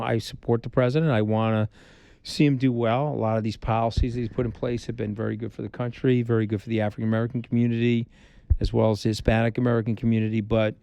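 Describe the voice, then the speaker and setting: This middle-aged man, a guest on a candid podcast, talks bluntly and emphatically, repeating his points and acting out quotes like an animated storyteller. His mid-range voice is creaky with a clean tone, and there's no room sound.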